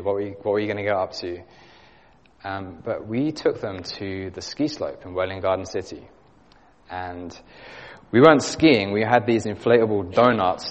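A man gives a sermon in a church hall, telling an earnest story with the odd light laugh. His voice sits a little low. The recording is dull and lo-fi, with a long hall reverb trailing behind him. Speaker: youth leader preaching.

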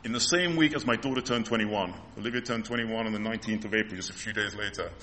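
A man's voice: lowish voice, fast, sharp tone, slight background noise. A man in his fifties preaching an impassioned, emotional sermon.

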